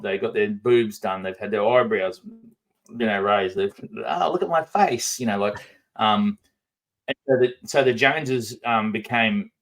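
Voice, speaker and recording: An Australian man talks casually on a podcast in a low voice. His words come out in a lazy drawl through a barely open mouth. He fills his pauses with frequent ums. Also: a bit bright. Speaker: guest. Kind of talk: casual conversation.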